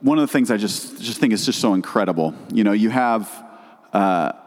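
A man's voice: lowish voice, expressive, in a large hall. A man missionary sharing a testimony, starting his thoughts over and over. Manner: halting, restarts his sentences. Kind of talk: personal testimony.

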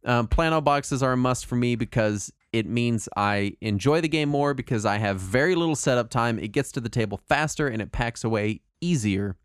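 A man co-hosting a casual podcast chat, talking in a rambling, animated way with lots of fillers and restarts. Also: medium pitch, moderate pace, hardly any pauses, no echo, clean studio sound. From Texas. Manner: rambling, animated, puts on silly voices when quoting people. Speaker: podcast co-host.

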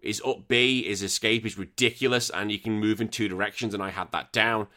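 An excitable young man from the UK hosts a retro gaming podcast, reading listener messages and riffing on them. His voice sits a little low yet sounds bright and forceful, and he laughs and swears freely as he talks. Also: brisk. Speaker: podcast host. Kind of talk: casual chat reading listener comments.

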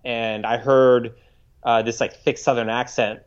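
A man in his thirties from the United States, a podcast guest recalling a story in a halting, reflective way, often restarting his sentences. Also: medium pitch, little pitch movement. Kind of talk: casual interview storytelling. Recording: slightly dull lo-fi audio.

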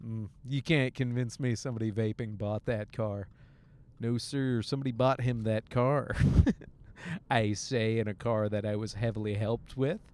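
A man's voice: medium pitch, fairly even intonation, moderate pace, darkish tone, smooth. A young man hosting a casual podcast alone, telling a crude story with many jokes and laughs while driving. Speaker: podcast host. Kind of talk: casual solo rant. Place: in a car, driving.

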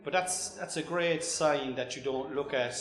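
A man's voice: fairly high pitch, measured pace, roomy sound, a crowd in the background. An Irish man hosting a podcast, asking questions in a casual, enthusiastic way and swearing freely. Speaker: podcast host. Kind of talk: casual interview.

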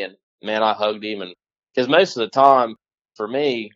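A man guest telling a lively hunting story, casual and profane, with lots of fillers. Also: lowish voice, normal speed, dull audio. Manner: animated, swears casually, many fillers. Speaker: guest hunter.

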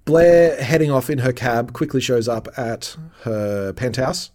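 A man's voice: medium pitch, animated, measured pace, darkish tone. A man co-hosting a casual podcast, recapping a TV episode with lots of laughter and playful mock indignation. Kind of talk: casual chat.

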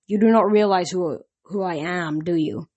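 Woman reading as a sinister monster man, cold, mocking, slow and menacing, storybook villain. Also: lowish voice, warm tone, breathy edge, lo-fi sound. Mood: threatening. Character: sinister male monster posing as a teacher.

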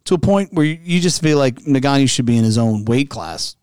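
A man's voice: mid-range voice, lively intonation, brisk, darkish tone, clean tone, no echo, clean studio sound. A man co-hosting a casual comedy podcast, rambling, swearing freely and restarting sentences often. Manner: rambling, profane, restarts a lot. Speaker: podcast co-host.

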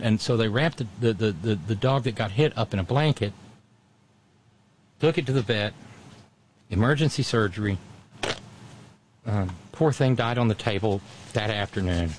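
A man's voice: fairly low pitch, measured pace, pauses often, darkish tone. Male radio host, casual on-air chat, stammering restarts, wry storyteller, faint hiss. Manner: chatty storyteller, wry and self-deprecating.

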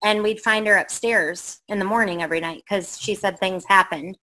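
A woman's voice: mid-range voice, steady tone, moderate pace, pushed and bright, rough recording. A middle-aged woman telling a spooky personal story in casual chat, rambling with fillers and acting out what people said. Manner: rambling, with many fillers and acted-out quotes. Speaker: guest telling a ghost story.

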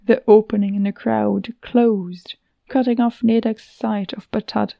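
A woman narrating a fantasy story in a steady, even reading voice. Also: medium pitch, a little slow, creaky, dry recording. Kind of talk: scripted audiobook narration.

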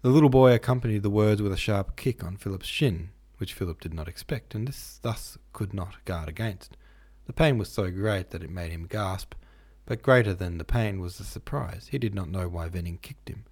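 A man reading a classic novel aloud as a podcast audiobook narrator, in a measured, steady way. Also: sits low.

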